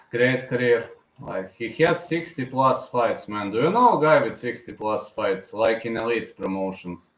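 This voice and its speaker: A man's voice: mid-range voice, animated, measured pace, reverberant, low-quality recording. A man in his thirties hosting a live fight reaction stream, talking in an emotional, repetitive fan manner. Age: 30s.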